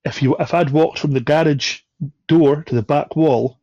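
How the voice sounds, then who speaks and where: A man with a gravelly, creaky voice tells a story in a relaxed, chatty way, slipping into the voices of the people in it. The recording is dry and a little dull. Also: on the high side, moderate pace, dry recording. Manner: animated, acts out quoted voices. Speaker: podcast guest. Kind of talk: casual storytelling.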